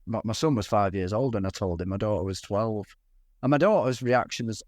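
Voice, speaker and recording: A man's voice: fairly low pitch, a little fast, a little mellow, dry recording, studio quality. A middle-aged man with a Cornish accent, a podcast guest candidly recounting events, often restarting sentences and quoting others. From England. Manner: candid, frequent restarts and quoted dialogue. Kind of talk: conversational storytelling.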